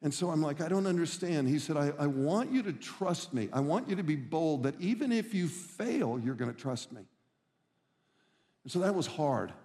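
A man's voice: a little high, lively intonation, normal speed, dark tone, big-room sound. A middle-aged man preaching a sermon as a pastor, telling stories in an earnest, emphatic way.

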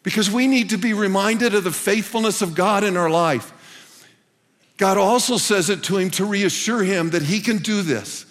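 A man's voice: high voice, moderate pace, fairly bright tone. Earnest preacher guy giving a sermon, talks to the room like "guys", echoey big hall. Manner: earnest, repeats phrases for emphasis, calls listeners "guys". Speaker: pastor. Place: church hall with a congregation. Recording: long reverb of a large hall.

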